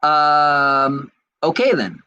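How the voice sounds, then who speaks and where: A man with a fairly high, bright and forceful voice chats casually as a podcast host. He answers viewer comments one after another, excitable and rambling, often restarting his sentences. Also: very slow, lo-fi sound, slight background noise.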